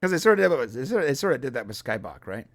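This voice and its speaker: A man's voice: mid-range voice, sing-song, very fast. A man co-hosting a live review podcast, thinking aloud in an easygoing, casual way. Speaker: podcast co-host.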